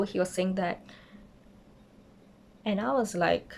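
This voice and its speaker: A young woman, telling a dating story in a casual vlog and acting out the quotes with an animated, indignant manner. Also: medium pitch, slow, gravelly, long pauses. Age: young adult. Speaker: vlogger.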